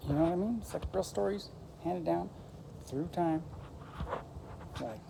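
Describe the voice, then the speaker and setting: A woman's voice: on the low side, unhurried, gravelly, background noise. A woman vlogger talking casually to her camera, wandering from thought to thought with lots of "like" and "you know". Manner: meandering, full of "like" and "you know", laid-back. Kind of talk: rambling casual monologue to camera.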